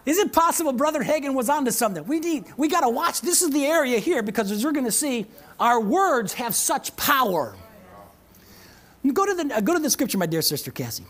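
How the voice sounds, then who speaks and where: A woman's voice: sits high, very animated, fairly quick. A woman pastor preaching a sermon at a church service. She is emphatic, repeats key phrases, calls out to the congregation for a response, and slips in playful asides with a chuckle.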